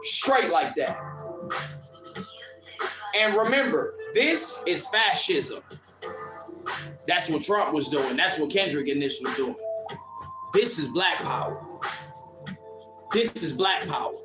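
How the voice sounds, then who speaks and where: A livestream commentator delivers an impassioned, preachy rant, profane and confrontational toward his viewers. His voice is a little high with lively intonation, and he speaks slowly with long pauses. He's in an echoey room with an instrumental beat playing in the background.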